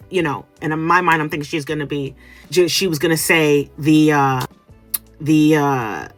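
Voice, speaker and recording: A woman vlogger telling a story in casual monologue, animated and acting out other people's lines, often restarting her sentences. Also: sits low, normal speed, faint music behind. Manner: animated, acts out quoted voices; restarts and trails off mid-sentence.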